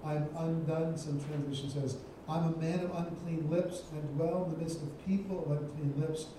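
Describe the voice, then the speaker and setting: A man's voice: on the high side, steady tone, normal speed, background noise. A man preaching a sermon as a guest speaker, emphatic, repeating his key phrases for weight. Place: church sanctuary. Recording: echoey church from far off.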